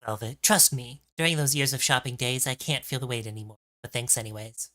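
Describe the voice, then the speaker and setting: A giggly co-host reads fan fiction aloud with playful mock-drama. The voice is bright and forceful, sitting at an ordinary pitch. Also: a little fast. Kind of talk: comedic dramatic reading.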